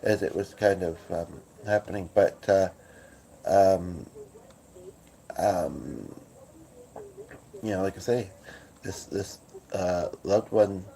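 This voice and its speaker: A man hosting a casual livestream from his couch, talking in a groggy morning voice with many halting fillers and restarts. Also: low voice, creaky, mellow, slight background noise. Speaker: livestream host. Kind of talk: casual rambling livestream chat. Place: at home on a couch.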